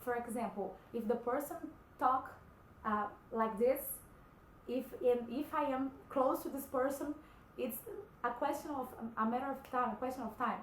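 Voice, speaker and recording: A fairly high-voiced woman whose first language is Portuguese talks earnestly about faith, halting often as she looks for English words. The room is echoey, with a faint hiss behind her. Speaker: Christian vlogger. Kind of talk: devotional talk to camera.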